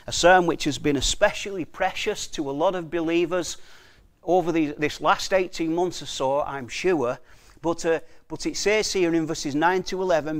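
A man with a fairly high voice delivers a conversational sermon. He reads scripture slowly and deliberately, then talks it through with rhetorical questions and frequent repeated words. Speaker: preacher.

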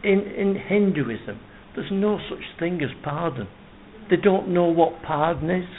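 A man's voice: sits high, animated, unhurried. A man preaching a sermon in an earnest, emphatic way, reciting scripture at length and building his points with repeated phrases. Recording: tinny phone-like sound with faint noise.

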